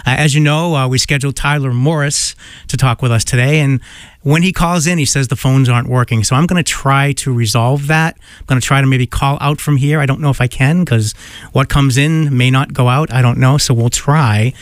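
A man hosting a local radio show in a studio, talking loosely and rambling with many pauses and fillers. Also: medium pitch, steady tone, no room sound. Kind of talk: casual radio chat.

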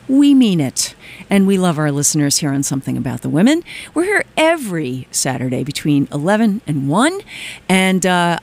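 A woman co-hosting a weekly radio music show, casually back-announcing songs in a chatty, enthusiastic way, often pausing on "uh" as she gathers her words. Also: deep voice, a little mellow. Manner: chatty, enthusiastic, with frequent "uh" hesitations. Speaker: radio DJ and co-host. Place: radio studio.

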